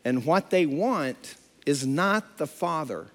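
A man's voice: fairly high pitch, lively intonation, slow, fairly bright tone. A man preaching a sermon who acts out the characters of the story he tells. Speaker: pastor. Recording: long hall reverb.

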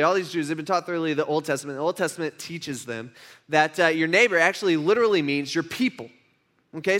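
A man's voice: on the high side, fairly bright tone. A man giving a casual, chatty sermon, telling a story and checking in with his audience. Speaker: pastor.

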